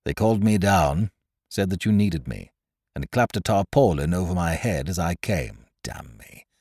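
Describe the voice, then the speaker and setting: A bitter, gruff sailor in chains speaks low, grim and quiet in a storybook as a man narrator puts him on. The voice drops very deep and soft. The sound is close and dry. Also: lively intonation, moderate pace, no echo, heavily acted.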